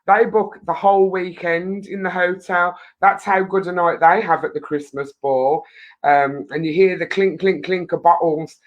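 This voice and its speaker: A woman's voice: lowish voice, steady tone, normal speed, dull audio. A woman hosting a charity live stream, chatting loosely to viewers, rambling and laughing often into her webcam.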